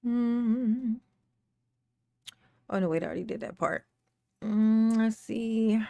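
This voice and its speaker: A woman's voice: a little high, slow, creaky. A woman hosting a casual livestream. She greets viewers by name, laughs often and rants animatedly. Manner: animated ranting. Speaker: livestream host.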